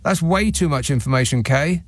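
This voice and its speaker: A man with a fairly high voice hosts a radio phone-in show from a studio, reading listener messages aloud in a sardonic, mocking way. He talks at a normal speed on a studio microphone, and the recording is dry.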